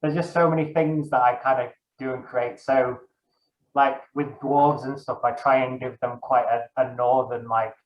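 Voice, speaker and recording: Guesting on an interview, a young man who works as a dungeon master chats casually, rambling with many fillers and self-corrections. His voice is ordinary mid-pitch with a steady tone and moderate pace, captured in an echoey room with slightly dull, lo-fi audio.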